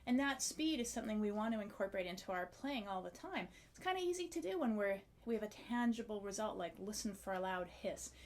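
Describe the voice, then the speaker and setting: A woman giving a clarinet lesson on video, talking the viewer through an exercise in a friendly, explanatory way. Her voice sits at an ordinary middle pitch, and she breaks off now and then to demonstrate. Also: big pitch swings, fast, hardly any pauses. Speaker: clarinet teacher.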